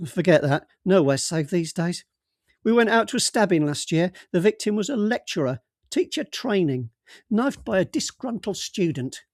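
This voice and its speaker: A man voicing a loud, bluff police boss. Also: high-pitched, sing-song, normal speed, no room sound, studio quality, voice pushed up. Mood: bluff, bossy. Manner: loud, bluff and bossy, cuts others off. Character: brusque, jovial middle-aged male police boss. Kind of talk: audiobook character voice.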